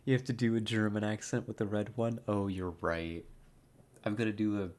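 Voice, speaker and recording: A man's voice: on the low side, fairly even intonation, normal speed, a little mellow. Playful man streaming a game. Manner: playful, laughing, self-deprecating. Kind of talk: casual live-stream commentary.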